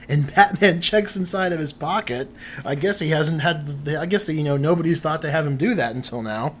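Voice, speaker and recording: A man's voice: a little high, a little fast, a little hiss or hum. A man hosting a show, giving an off-the-cuff, amused comic book reading with chatty commentary. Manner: amused, chatty, laughs now and then. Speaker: podcast host.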